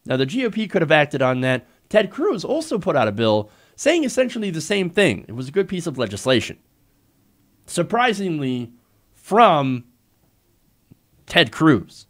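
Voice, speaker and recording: Sarcastic, animated male political commentator. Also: on the high side, moderate pace. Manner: sarcastic, mocking, with swings in voice.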